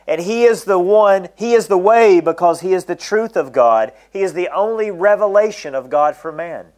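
Emphatic male preacher, slightly high voice. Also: animated, darkish tone. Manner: emphatic, slows down to stress key phrases. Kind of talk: sermon.

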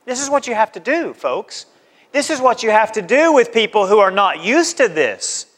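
High-voiced preacher in a reverberant hall. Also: male voice, very animated, normal speed, a bit bright. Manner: exhorting, repetitive, acts out conversations. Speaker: pastor. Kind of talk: sermon.

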